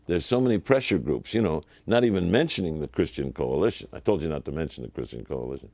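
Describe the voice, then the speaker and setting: Deep-voiced older man telling stories. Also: fast, vocal fry, no echo. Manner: animated, acts out quoted voices. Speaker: TV producer interviewee. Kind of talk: anecdotal interview storytelling.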